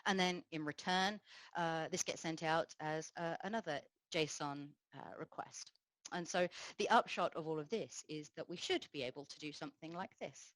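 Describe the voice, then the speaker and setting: Woman conference speaker, low pitch, dry sound, explanatory with fillers. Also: moderate pace, fairly bright tone, no room sound, low-quality recording. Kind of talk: technical conference talk.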